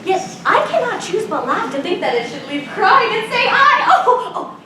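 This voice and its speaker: A woman's voice: high-pitched, a bit bright, distant mic, a little hiss or hum, full character voice. Woman playing a bawdy rambling old nurse. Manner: rambling, giggling, sentimental. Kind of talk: live student stage acting. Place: theater stage. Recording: roomy stage sound from afar.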